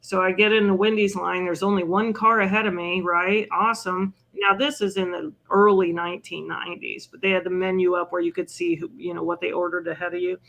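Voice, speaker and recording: This older woman, appearing on a recovery podcast, recounts her own stories with chatty self-mockery, quick laughs, and plenty of "you know." She speaks in a lowish, level voice that's a bit bright.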